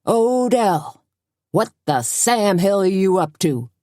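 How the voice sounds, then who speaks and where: A woman's voice: mid-range voice, slow pace, dry recording, clean studio sound, pitched above the performer's own voice. Woman doing a stern small-town sheriff. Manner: stern, commanding, calm warnings. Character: gruff middle-aged male small-town sheriff.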